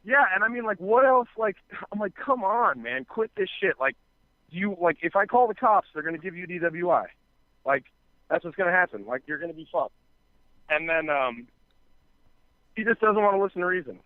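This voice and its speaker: A man's voice: high voice, animated, brisk, long pauses, dry recording. A man on a podcast telling a long story in casual chat, full of fillers and swearing, acting out what others said. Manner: rambling, filler-heavy, profane, acts out quoted dialogue. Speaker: podcast co-host. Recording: dry, tinny phone-like sound.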